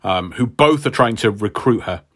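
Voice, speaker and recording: Brief: male podcast co-host, lively intonation, rambling storyteller. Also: fairly low pitch, moderate pace. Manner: rambling retelling, acts out quotes. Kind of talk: casual chat.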